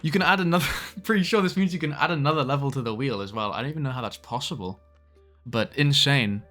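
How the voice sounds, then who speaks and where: A man's voice: medium pitch, quick pace, sharp tone. Young British man, casual live-stream chat, rambling and friendly, faint music underneath. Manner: chatty, greets viewers by name, laughs often, trails off mid-sentence.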